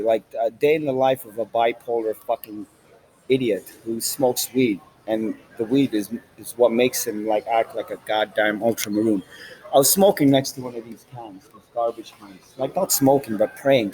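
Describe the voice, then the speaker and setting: A man's voice: mid-range voice, a little mellow, poor audio. A man vlogging in a rambling, profane monologue with street slang, recorded on a handheld phone inside a large train station.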